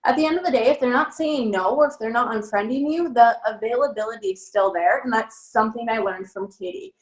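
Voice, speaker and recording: A woman's voice: fairly high pitch, brisk. A young woman giving a casual sales training talk, chatty and upbeat with lots of fillers. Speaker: network marketing trainer. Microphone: phone. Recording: echoey room.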